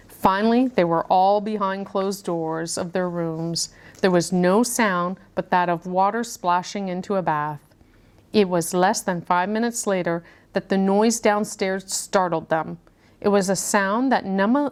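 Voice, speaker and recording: A woman's voice: mid-range voice, a little slow, clean tone. A woman reading a murder mystery story aloud, narrating with dramatic storytelling. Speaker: puzzle channel host.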